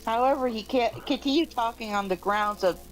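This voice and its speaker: A woman reading a text aloud on a casual stream, halting and restarting as she goes. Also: on the high side, a little hiss or hum, rough recording.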